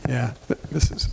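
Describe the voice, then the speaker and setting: A man from Wisconsin, an author telling stories to an audience, rambling and restarting his sentences as he goes. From Wisconsin, USA. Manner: rambling, self-interrupting storyteller. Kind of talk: casual talk to an audience. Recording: hall reverb with faint noise.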